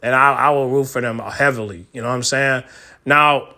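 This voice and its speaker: A man's voice: mid-range voice, normal speed, pushed and bright. A man giving his opinions in a casual vlog, slangy and chatty, often restarting and correcting himself mid-sentence. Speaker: wrestling commentary vlogger.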